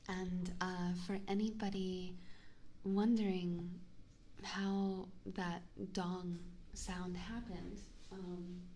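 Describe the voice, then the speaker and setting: A woman chatting softly on an ASMR livestream, giggly and apologetic, into a binaural mic. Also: fairly low pitch, level tone, very slow, slight background noise. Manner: soft-spoken, giggly and apologetic. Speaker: ASMR streamer. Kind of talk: casual ASMR livestream chat. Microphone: binaural dummy-head mic.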